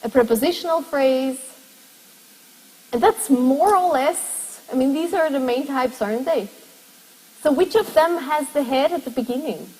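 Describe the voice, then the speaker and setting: A woman's voice: sits high, a little slow, darkish tone, long reverb tail, low-quality recording. A woman lecturing a university class, explaining step by step and putting questions to her students.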